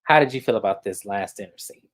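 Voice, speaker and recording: Reality recap host, casual, gossipy, lively delivery, swears. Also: low-pitched, fast talker. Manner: animated, gossipy, swears freely.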